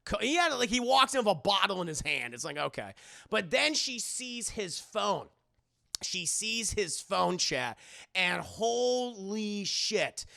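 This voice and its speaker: A man's voice: high voice, big pitch swings, slow, vocal fry, bright, forceful tone. A man casually recapping a film for his livestream chat, profane and laughing, slipping into mock voices. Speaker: movie reviewer and streamer.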